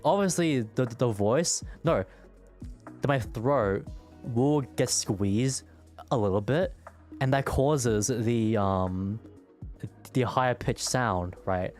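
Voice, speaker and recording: A man's voice: medium pitch, slow, long pauses, darkish tone, faint music behind. A man streaming and chatting casually with his viewers, stuttering and repeating words as he talks.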